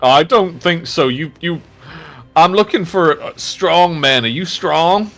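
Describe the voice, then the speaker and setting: A man voicing a shirtless, bald, mustached brute with a high, whiny Southern American drawl, childish and menacing. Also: takes it slowly, fairly bright tone, faint music behind.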